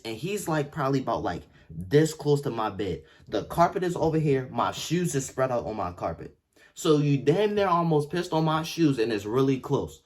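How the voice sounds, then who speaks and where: A young man telling a story in a casual, slangy way, swinging from yelled quotes to low mutters. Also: slightly rough. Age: young adult. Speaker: vlogger. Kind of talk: animated storytime.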